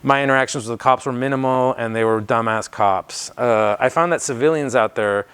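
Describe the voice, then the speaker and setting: A man's voice: mid-range voice, a little fast, a bit bright, clean tone. A man, telling stories in a casual interview in a laid-back, slangy way and swearing freely. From United States. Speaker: interview guest, graffiti writer.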